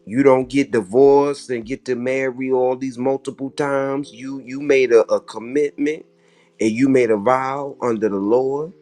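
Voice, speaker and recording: A man's voice: mid-range voice, steady tone, measured pace, dark tone. A man as a guest on a casual live-stream panel, laid-back and teasing, dropping preachy asides.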